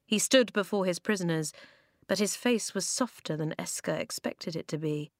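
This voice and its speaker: Woman reading a story, low and dry. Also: normal speed, dry recording. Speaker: audiobook narrator. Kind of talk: scripted narration.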